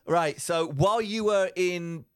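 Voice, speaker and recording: A man co-hosting a podcast in casual, excitable, rambling chat. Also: high voice, measured pace, clean tone. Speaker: podcast co-host.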